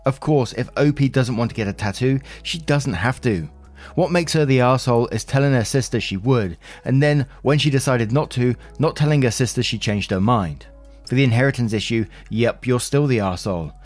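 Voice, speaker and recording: A man reads out online advice stories and the comments on them at a mid pitch. He adds his own blunt, opinionated remarks between the posts. Soft music runs quietly underneath. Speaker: narrator reading forum posts. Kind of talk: casual reading and commentary.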